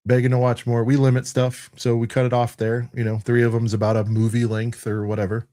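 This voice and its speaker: A man's voice: medium pitch, completely flat delivery, a little fast, dark tone. A man in his thirties on a review panel, chatting casually and rambling, with lots of "dude" and "like". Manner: rambling and laid-back, full of "dude" and "like". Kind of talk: casual chat.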